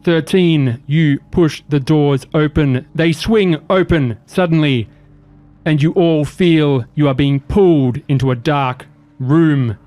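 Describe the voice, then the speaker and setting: A man running a tabletop game as dungeon master, giving calm, matter-of-fact rulings and narration. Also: fairly high pitch, takes it slowly, dry recording.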